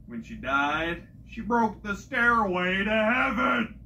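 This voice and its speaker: A joke teller with a bright, edgy tone who takes it slowly, barking each setup line and then landing the punchline. The pitch leaps around playfully from line to line. Soft music runs quietly behind the voice. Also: big pitch swings. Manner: punchy, shouts the setup lines. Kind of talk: comedic joke delivery.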